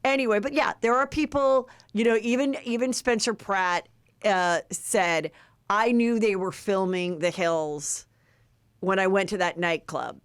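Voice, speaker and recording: A woman host of a chat podcast, talking in a lively, gossipy way and slipping into voices as she quotes people. Her voice sits at an ordinary middle pitch. The mic is close and dry, with no room sound. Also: measured pace, smooth, no room sound. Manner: chatty, animated, acts out quotes in put-on voices.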